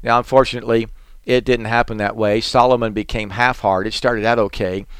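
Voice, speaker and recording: A man's voice: medium pitch, fairly even intonation, a little fast, clear, resonant tone, no room sound. Man preaching in rhythmic sermon cadence. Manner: rhythmic, repetitive preaching cadence, swelling and dropping in volume; chanting litanies and reading scripture aloud.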